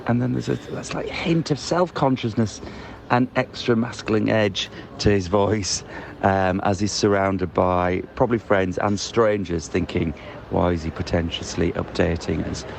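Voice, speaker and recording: Deep-voiced man over street noise. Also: fairly even intonation, creaky. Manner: wry, deliberately observational. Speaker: podcast co-host. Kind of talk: casual chat. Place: outdoors in a city square. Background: street and traffic noise.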